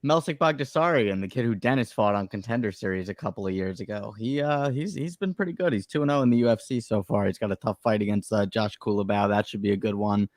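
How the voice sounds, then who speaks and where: A man co-hosting a podcast, chatting casually about fight cards with a relaxed, hesitant delivery. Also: lowish voice, fast talker, hardly any pauses, no echo, studio quality. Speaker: podcast co-host.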